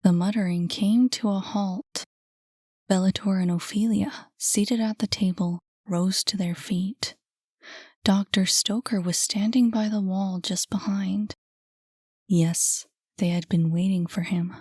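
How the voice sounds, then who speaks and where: Slow soft woman reading a novel, hushed, dry close mic. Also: medium pitch, steady tone, breathy edge, dry recording. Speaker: audiobook narrator. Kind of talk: scripted narration.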